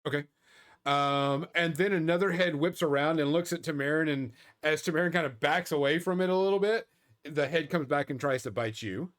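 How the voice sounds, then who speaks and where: A man's voice: fairly high pitch, a little fast, a bit bright. A man narrating a tabletop game as game master in a loose, casual way, full of fillers and little chuckles.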